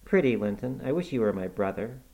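A man's voice: lowish voice, animated, brisk, mellow. A man voicing a proud, headstrong young girl who speaks earnestly and pertly. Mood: indignant. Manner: earnest, pert.

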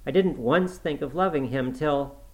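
A man's voice: lowish voice, normal speed, lightly acted, poor audio. A man reading aloud and voicing a desperate teenage girl who pleads in tears. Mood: sobbing. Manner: breathless, pleading, tearful.

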